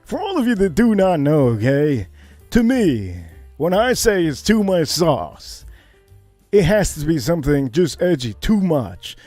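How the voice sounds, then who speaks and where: American guy livestreaming, lively voice that jumps up high, dry close mic, faint music behind. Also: a little slow, no room sound. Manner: animated, repeats phrases, shifts into loud exclamations. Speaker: livestream host. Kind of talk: casual storytelling monologue.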